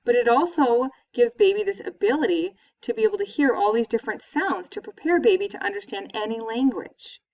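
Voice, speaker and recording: A woman's voice: fairly high pitch, animated, fairly quick, hardly any pauses, darkish tone. Female professor, conversational lecture, picked up from afar on a muffled recording. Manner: explanatory, conversational, with fillers. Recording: dull, distant lecture recording.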